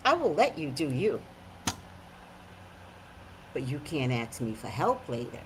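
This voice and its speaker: A woman's voice: a bass voice, very animated, a little slow, noisy background, pitched below the performer's own voice, exaggerated voice. A woman voicing God as a stern, patient male deity who speaks in dry, matter-of-fact warnings.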